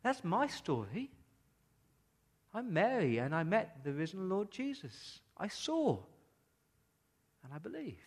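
A man speaking as Mary Magdalene, a grieving woman turned joyful witness, telling her story in a sermon monologue. The voice sits rather high for a man and swings widely, halting and earnest, now hushed, now ringing out. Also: big pitch swings, slightly rough, full character voice. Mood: emotional. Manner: earnest, halting, with emotional retelling. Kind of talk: first-person dramatic monologue in a sermon.

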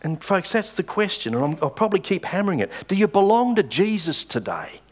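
Man, pastor, sermon, lively intonation, slightly high voice, emphatic pauses. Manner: preaching with dramatic pauses and stressed words.

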